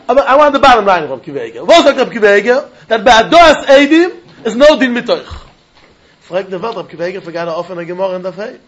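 A man teaching a Talmud class, animated and questioning, mixing in Yiddish and Hebrew terms. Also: high voice, quick pace.

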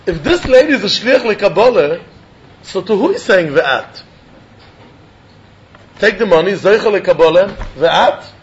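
High-voiced man teaching Talmud. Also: unhurried, long pauses. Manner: animated, chuckling, repeats words while reasoning aloud. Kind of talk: Talmud study lesson. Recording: dull lo-fi recording.

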